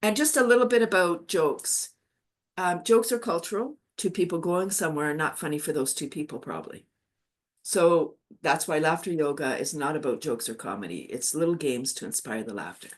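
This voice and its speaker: A woman's voice: sits low, normal speed. Upbeat woman leading laughter yoga. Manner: upbeat, chatty, laughs often while explaining. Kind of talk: guided exercise class.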